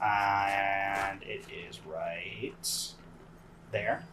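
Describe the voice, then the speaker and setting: A man's voice: on the low side, fairly even intonation, very slow, heavy background noise. A man giving casual gameplay commentary with dry, sarcastic asides. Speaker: game commentator.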